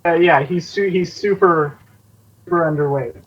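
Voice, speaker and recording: A man's voice: fairly high pitch, normal speed. A man co-hosting a podcast over a remote call, giving brief, easygoing replies. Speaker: podcast co-host. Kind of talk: casual podcast chat. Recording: dull, faint-noise call connection.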